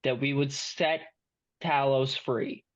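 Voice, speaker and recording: Slow, blunt-talking game player. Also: mid-range voice, steady tone, no echo, dull audio. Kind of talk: casual tabletop game play.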